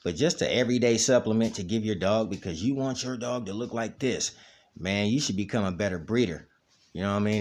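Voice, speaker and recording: Speaking fairly quickly in a fairly low, darkish voice, a man hosts a casual dog vlog indoors at home, recorded on a camera mic with a little hiss or hum. He rambles while playing with his dog, repeating "you know what I mean" as he chats.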